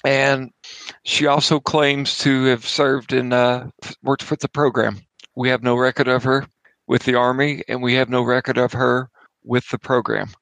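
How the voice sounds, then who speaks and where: Gravelly-voiced man running a horror game. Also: mid-range voice, little pitch movement, fairly bright tone, no echo, rough recording. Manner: casual, halting narration with restarts and asides. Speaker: game master. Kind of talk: narrating a tabletop horror game. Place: home.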